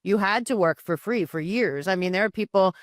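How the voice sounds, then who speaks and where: A woman's voice: medium pitch, brisk, no room sound, clean studio sound. A woman speaking as a podcast guest, earnest in a casual conversation, often restarting her sentences.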